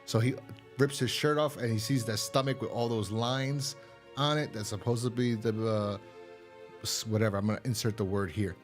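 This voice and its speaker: At a moderate pace and with fairly even intonation, a man co-hosting a horror podcast loosely recaps an episode, filling it with fillers and occasional swearing. His voice is medium-pitched over soft background music.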